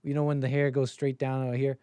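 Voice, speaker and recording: A man's voice: mid-range voice, level tone, quick pace, mellow, clear, resonant tone, dry recording. A man hosting a live stream, reacting to a video clip in casual, sarcastic and rambling commentary that often repeats itself.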